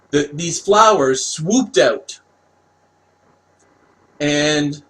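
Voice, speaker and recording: A man from Canada casually telling a personal story, animated, laughing and swearing as he goes. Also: on the high side, extremely slow, long pauses, low-quality recording.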